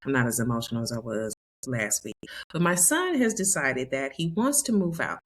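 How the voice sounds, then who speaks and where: A woman's voice: rumbling low, big pitch swings, normal speed, breathy edge. A woman, hosting a podcast and telling a candid, emotional personal story with quoted dialogue. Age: 50s. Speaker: podcast host.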